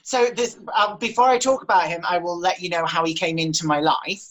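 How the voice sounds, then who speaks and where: A young adult woman telling a story in casual chat, animated and laughing, with plenty of swearing. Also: fairly low pitch, brisk, low-quality recording. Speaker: guest, horse rider.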